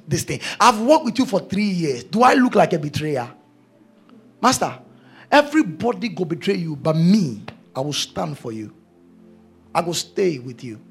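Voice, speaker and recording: A preacher acting out an earnest, pleading disciple. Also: male voice, sits high, vocal fry, husky, voice pushed down, full character voice.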